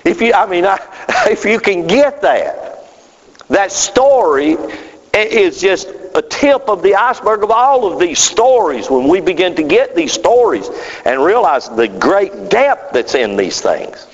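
A man preaching a sermon, emphatic and drawn out, with sudden rises and falls in his voice. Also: very animated. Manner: emphatic, drawn-out phrasing with sudden pitch swings. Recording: dull sound with long hall reverb.

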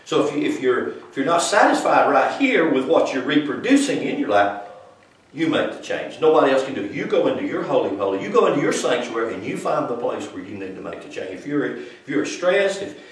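A man preaching an informal sermon, moving between loud emphatic passages and quiet explanation, with folksy grammar. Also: mid-range voice, very animated, a little fast. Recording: echoey room, mic far off.

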